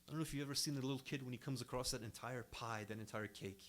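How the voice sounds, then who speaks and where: A man's voice: medium pitch, rapid-fire, fairly bright tone. A young man giving a sermon to a congregation in an earnest, emphatic way, his voice rising and dropping sharply to stress each point. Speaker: speaker at an Islamic center.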